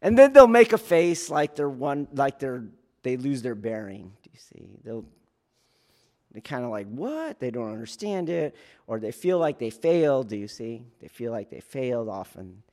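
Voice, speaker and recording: A man, a police academy instructor, explaining training in a casual teaching talk, checking in often with his listeners and acting out loud shouts. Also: medium pitch, expressive, moderate pace. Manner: keeps checking in with "do you see?"; acts out trainees and yelling officers in sudden loud bursts.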